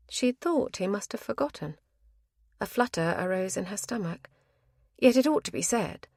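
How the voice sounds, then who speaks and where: A woman with a lowish voice tells the story of an audiobook in scripted, evenly measured narration. The audio is studio-clean with no room sound at all.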